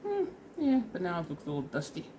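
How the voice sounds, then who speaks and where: A woman's voice: on the low side, huge pitch swings, quick pace, dark tone, slight background noise. A woman vlogger casually talking through a makeup try-on step by step, chatty and laughing at herself, teary and sniffly from allergies. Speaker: beauty vlogger.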